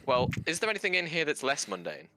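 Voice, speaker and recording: A man playing in a tabletop game, chatting casually and asking quick questions. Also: on the high side, wildly swooping pitch, pushed and bright. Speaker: player.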